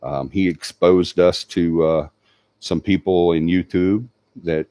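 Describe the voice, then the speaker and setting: Male channel host, deep voice, emotional halting tribute, dry close sound. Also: fairly even intonation, mellow, dry recording. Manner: halting, sincere, many fillers. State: tearing up.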